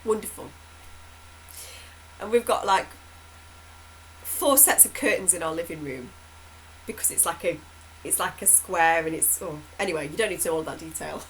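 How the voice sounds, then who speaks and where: A woman's voice: on the low side, animated, normal speed, fairly bright tone, a little hiss or hum, low-quality recording. Brief: woman in her thirties, host, chatty rambling storyteller who laughs as she talks. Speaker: hypnotherapist host. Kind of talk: casual storytelling update.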